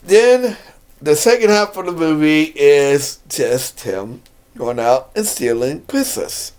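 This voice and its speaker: A man's voice: fairly high pitch, big pitch swings, slow, a little mellow, clean tone. A man casually and enthusiastically talking through a favorite movie for his video blog, rambling and laughing often. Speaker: video blogger reviewing a movie.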